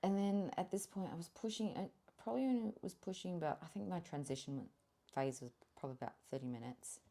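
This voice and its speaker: A young woman with a low voice tells her birth story as a podcast guest. She is candid and animated, swears freely and laughs often. She drops to a hush when she quotes her own thoughts. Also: fast talker, creaky.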